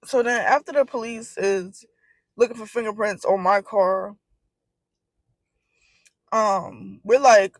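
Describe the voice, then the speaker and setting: A young woman, retelling a bad day in a casual vlog with animated disbelief. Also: mid-range voice, takes it slowly, pauses often, dry recording, rough recording. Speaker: vlogger.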